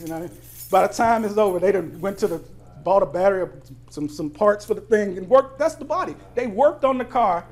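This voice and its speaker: A man's voice: high-pitched, lively intonation, brisk. A man preaching a sermon to his congregation, asking the room questions and laughing through personal stories. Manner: conversational preaching with call-and-response questions and laughing anecdotes. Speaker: pastor. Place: church sanctuary.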